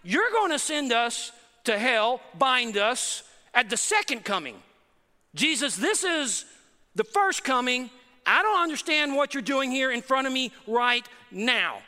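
A man voicing a confused, panicked male demon during a sermon, his own high voice only slightly raised and pleading. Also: big pitch swings, a little slow, sharp tone, long reverb tail, full character voice. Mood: anxious pleading.

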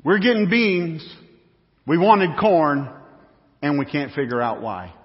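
Preacher echoing through a hall. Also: male voice, a little high, sing-song, takes it slowly. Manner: conversational, repetitive, anecdotal. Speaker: pastor. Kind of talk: sermon. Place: church sanctuary. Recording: echoey church hall, dull sound.

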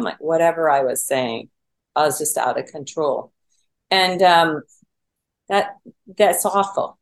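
A woman's voice: sits low, animated, measured pace, rough recording. A middle-aged woman telling a candid personal story, self-deprecating and full of fillers. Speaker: podcast guest.

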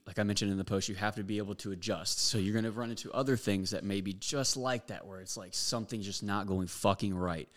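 A man's voice: low-pitched, a bit bright. A young man hosting a podcast, giving a blunt, profane motivational monologue full of fillers. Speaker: podcast host.

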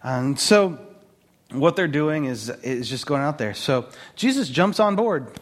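Lively, joking man preaching a sermon. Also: fairly high pitch, measured pace. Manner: animated, joking storyteller with laughs and filler words. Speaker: pastor. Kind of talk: conversational sermon.

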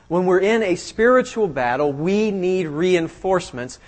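Male pastor with a high voice, preaching a sermon with animated retelling and hushed emphasis. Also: unhurried. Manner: reads scripture, then retells it animatedly, drops low for emphasis.

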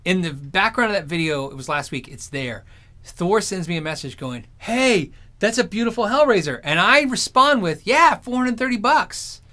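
Man, high-pitched, bright tone, casual rambling chat, animated storyteller. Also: moderate pace. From Arizona. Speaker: streamer.

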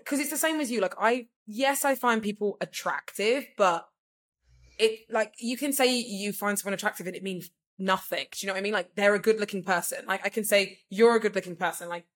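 A woman's voice: mid-range voice, a bit bright. A woman co-hosting a podcast, chatting casually and rambling with lots of fillers. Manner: rambling, filler-heavy, says "like" constantly. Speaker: podcast co-host. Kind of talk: casual chat.

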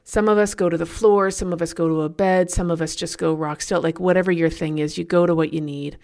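Speaking a little fast, a woman with a fairly low voice shares a personal story on her podcast. Her telling is casual and lively, and she often laughs at herself.

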